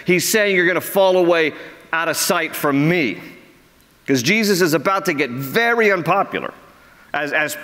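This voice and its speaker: A man's voice: on the high side, pushed and bright. A middle-aged American man preaching a sermon as pastor, often acting out quoted lines in a raised voice. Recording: long church hall reverb.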